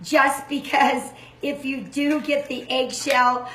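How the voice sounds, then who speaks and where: An older woman with a high voice walks through a recipe step by step, talking in a chatty, friendly way. The sound is echoey, with a faint hum behind her. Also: fairly even intonation, fairly bright tone. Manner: chatty, self-described fast talker. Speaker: cooking show host. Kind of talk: live cooking demonstration.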